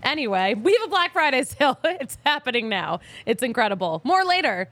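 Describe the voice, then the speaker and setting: A woman's voice: high voice, big pitch swings, fairly quick, fairly bright tone, dry recording. A woman from Philadelphia hosting a sports podcast, chatting casually and joking, with the odd swear word. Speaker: podcast host. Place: podcast studio.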